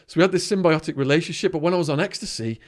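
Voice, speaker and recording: A man from Widnes with an English accent, a podcast guest telling animated stories, swinging between loud bursts and quiet asides. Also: on the high side, rapid-fire. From England, Widnes. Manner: animated anecdotes with swearing and sudden quiet asides. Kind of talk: storytelling in conversation.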